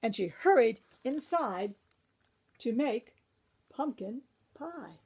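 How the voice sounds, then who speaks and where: A woman's voice: a little high, lively intonation, slow pace, mellow, husky. A woman librarian reading a picture book aloud to children, breaking off for chatty asides to her young listeners.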